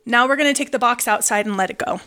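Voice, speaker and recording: Here a thirtysomething hairstylist and podcast co-host shares a story during a casual chat. She laughs and stays lively throughout, speaking fast in a smooth voice on the higher side.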